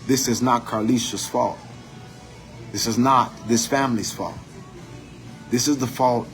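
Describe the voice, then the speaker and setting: A man's voice: mid-range voice, steady tone, a little slow, long pauses, soft background music. A man giving an impassioned, profane commentary monologue, building his points with preacher-like repetition.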